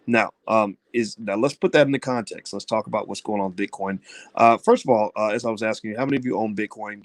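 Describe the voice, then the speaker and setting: A man's voice: lowish voice, fast, no room sound. A middle-aged man giving blunt, conversational commentary on finance to his viewers. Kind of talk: live-stream talk to viewers.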